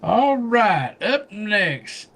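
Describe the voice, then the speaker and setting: A man's voice: high-pitched, sing-song, very slow, fairly bright tone. A man from Kentucky hosting a casual livestream, introducing guests one by one with folksy jokes. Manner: folksy, joking. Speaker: livestream host.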